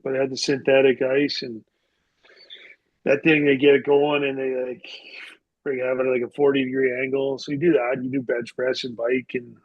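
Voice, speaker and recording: Husky-voiced man telling hockey stories. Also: mid-range voice, flat delivery, normal speed, dry recording, highs cut off. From Canada. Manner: rambling, lots of "like" and restarts. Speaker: guest, retired hockey player. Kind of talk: casual storytelling interview.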